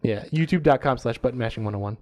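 A man's voice: medium pitch, quick pace, darkish tone. A young man co-hosting a gaming podcast, teasing his friends bluntly with plenty of swearing. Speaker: podcast co-host. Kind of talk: casual gaming chat.

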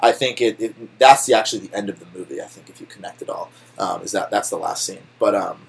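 A young man co-hosting a podcast, talking casually and excitedly about a movie, with lots of fillers, swearing and laughs. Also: low voice, fast talker, gravelly, breathy edge, faint music behind. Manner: animated, swearing, many likes and laughs. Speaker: podcast co-host.

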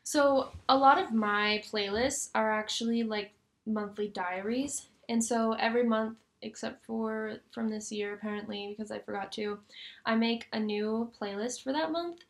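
A young woman with a slightly high voice chats casually as a podcast co-host. She talks with enthusiasm and fills her sentences with "like" and "um.". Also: normal speed. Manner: chatty, many "like" fillers, enthusiastic. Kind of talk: casual chat.

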